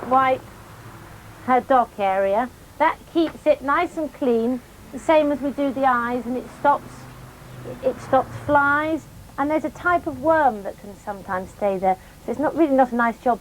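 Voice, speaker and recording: A patient, middle-aged woman walks children through each task in a calm, gentle teaching voice. Her tone sits a little on the high side, with faint background noise behind her. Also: low-quality recording. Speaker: riding instructor. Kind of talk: hands-on demonstration teaching children.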